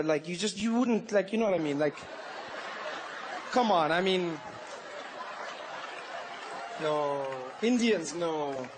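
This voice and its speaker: A man performing a stand-up routine in an animated, rambling way, with frequent asides to the audience. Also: high-pitched, slight background noise. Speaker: stand-up comedian.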